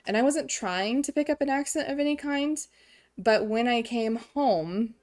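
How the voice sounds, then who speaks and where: A woman's voice: on the high side, moderate pace, darkish tone. A woman in her twenties from Kansas with an American accent, chatting casually on a live stream in a self-deprecating, giggly way. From Kansas, USA.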